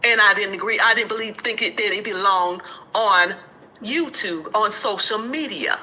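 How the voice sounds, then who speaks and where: A woman's voice: medium pitch, normal speed, sharp tone, rough recording. A woman on a live stream, confrontational and repetitive as she calls people out.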